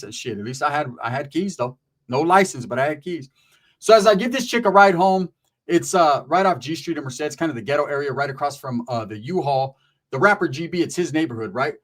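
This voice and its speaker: A middle-aged man with a fairly high-pitched voice tells a story in a loose, conversational way. His speech is thick with street slang and swearing. He hammers his points with emphatic asides. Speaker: channel host. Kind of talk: casual storytelling commentary.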